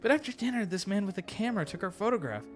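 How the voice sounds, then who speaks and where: Naive young lady cat, high and singsong, put on by a man reading a game aloud. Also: expressive, rapid-fire, soft background music. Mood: naive chatter. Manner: high, lilting girlish voice.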